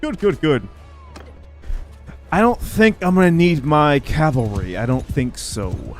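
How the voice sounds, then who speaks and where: Lively, opinionated male game streamer. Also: on the high side, a little slow, soft background music. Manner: opinionated, chatty, talks to viewers. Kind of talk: live gameplay commentary.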